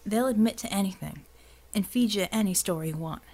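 A woman's voice: medium pitch, fairly quick, mellow, natural voice. A woman voicing a blunt, seasoned male soldier in an audiobook, drawling slang with wry impatience. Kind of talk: audiobook character voice.

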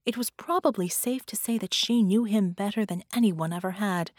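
A woman narrating a dramatic superhero audiobook in a measured, storytelling manner. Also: medium pitch, darkish tone, no echo, studio quality.

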